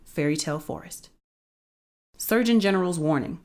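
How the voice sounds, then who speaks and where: A woman reading a children's picture book aloud in a playful, expressive storytelling voice. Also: fairly low pitch, moderate pace.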